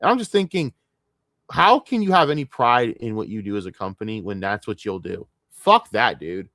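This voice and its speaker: A man's voice: on the low side, lively intonation, normal speed, sharp tone, no room sound, clean studio sound. A man from the United States ranting on a casual livestream, frustrated and profane, rambling with many restarts. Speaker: streamer.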